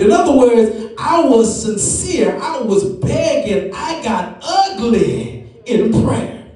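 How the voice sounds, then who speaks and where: A man preaching a sermon, stretching his words slowly and rising into chanted, shouted whooping. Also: very high voice, sing-song. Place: large church sanctuary. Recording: echoey church room, mic far off.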